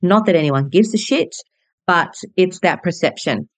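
An Australian woman in her forties talks through her own stories, bubbly and frank, dropping the odd swear word. Her voice sits fairly low, and the recording is close and dry. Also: expressive, normal speed, no room sound. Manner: bubbly and candid, swears casually. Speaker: podcast host and hairdresser. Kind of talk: personal storytelling monologue.

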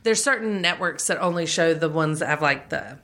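Lively intonation and a slightly quick pace mark this low, a bit bright voice of a woman with a Southern American accent. She's a podcast co-host dishing on celebrities, full of laughter and filler words.

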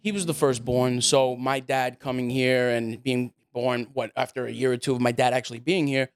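A man's voice: medium pitch, steady tone, normal speed, clean tone, no echo, studio quality. A man co-hosting a casual interview who chats about growing up. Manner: chatty, conversational. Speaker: co-host.

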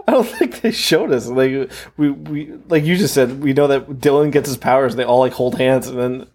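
A man's voice: mid-range voice, moderate pace, darkish tone, slightly rough. A man co-hosting a podcast in casual chat, easygoing and laughing along. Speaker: podcast co-host.

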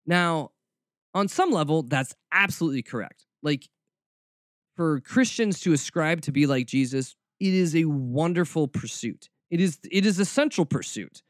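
A podcast host delivers a snarky, rambling monologue full of restarts, sitting close to the mic. His voice is fairly high and animated, moving at a moderate pace with no echo. It's casual, off-the-cuff talk.

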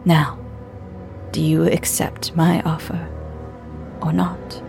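A woman's voice: low-pitched, little pitch movement, slow pace, creaky, a little mellow, faint music behind, full character voice. A woman voicing a terrified dying man who groans and drops into whispers, in a spoken ghost story. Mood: urgent. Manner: frantic, groaning, breaks into whispers.

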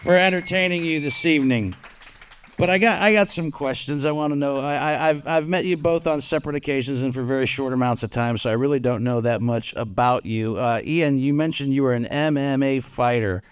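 A man hosting a live comedy show on a club stage, asking the comics questions with halting, repeated words. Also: medium pitch, clear, resonant tone. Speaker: show host.

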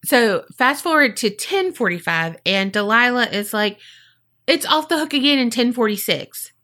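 This podcast co-host is a woman whose voice sits a little high, sounding bright and forceful with plenty of expression at a moderate pace. Chatty and profane, she retells a true-crime case casually, doing silly voices for the quotes.

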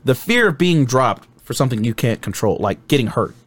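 Young man, casual podcast chatter, profane and animated, average pitch. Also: fairly quick, no room sound. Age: young adult. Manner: swears constantly, laughs and acts out drill instructors. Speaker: podcast guest telling boot camp stories.

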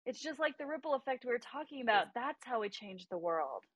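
A woman in her thirties with a fairly high voice, speaking as a guest over a remote call. She tells her story with passion and conviction. The sound is dry and close, with no room around it. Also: very animated, fairly quick, dry recording, rough recording. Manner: passionate, faith-driven storytelling. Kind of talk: livestream interview.

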